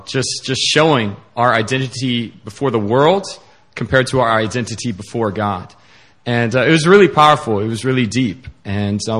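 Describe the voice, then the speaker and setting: A man preaching a sermon in an earnest, halting way, with many fillers. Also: mid-range voice, fairly bright tone.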